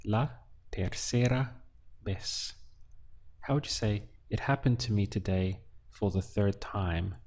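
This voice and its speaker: A man teaching a language lesson, slow and patient, quizzing the listener with prompts. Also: lowish voice, darkish tone. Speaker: Spanish teacher.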